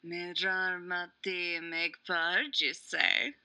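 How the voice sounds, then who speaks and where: A woman's voice: on the low side, big pitch swings, a little slow, sharp tone, heavily acted. A woman reading the part of a cocky, mocking male soldier trainer in a sing-song, taunting way.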